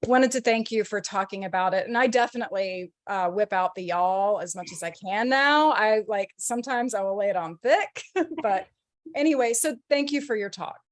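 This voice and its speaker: A woman's voice: mid-range voice, normal speed, no echo. Woman, chatty, dry close sound, video call. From Georgia, US. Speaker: audience member asking a question. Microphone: online video call.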